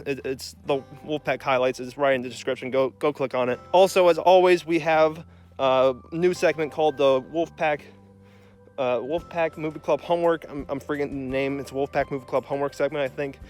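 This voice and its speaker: A young man hosting a comedy podcast intro, out of breath, rambling in mock worry. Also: medium pitch. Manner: mock-worried, rambling, calling out loudly. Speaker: podcast host.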